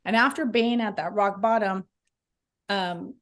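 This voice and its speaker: In an interview, a middle-aged author from Southern California shares her personal faith story, earnest and rambling, restarting her sentences often. Her mid-range voice is fairly bright and unhurried.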